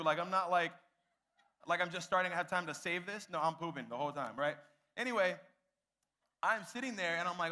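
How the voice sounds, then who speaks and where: A man's voice: sits high, lively intonation, quick pace, sharp tone. A young man, a youth pastor, telling a self-mocking story to a youth group and addressing them directly.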